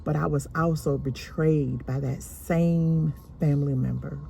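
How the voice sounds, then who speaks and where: A woman slowly and deliberately telling a painful personal story from her childhood. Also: sits low, steady tone, creaky, warm tone, a little hiss or hum. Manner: slow, deliberate, emotional retelling.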